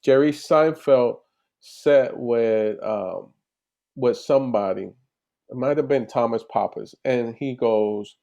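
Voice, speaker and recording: A man, a comedian, chatting casually in an interview over a video call, animated and rambling with restarts. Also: mid-range voice, takes it slowly, gravelly, muffled recording. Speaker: comedian guest.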